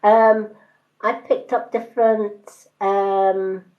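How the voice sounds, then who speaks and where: A tarot card reader in her fifties, whose British accent is a mix, speaks at medium pitch in a level tone during a live-stream reading, over dull audio. Unhurried and reassuring, she hesitates and uses plenty of ums.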